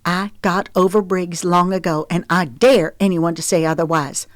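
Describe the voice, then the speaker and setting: A woman's voice: lowish voice, steady tone, normal speed, no echo, studio quality, lightly acted. Woman voicing a prickly divorced mother. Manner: sharp, defensive, exasperated.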